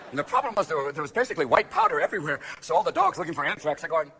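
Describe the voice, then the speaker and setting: A man doing a stand-up routine on stage, manic and profane, jumping between quick character voices and shouted punchlines. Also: fairly high pitch, wildly swooping pitch, gravelly. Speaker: stand-up comedian. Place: comedy stage before a live audience. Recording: live show with loud audience noise.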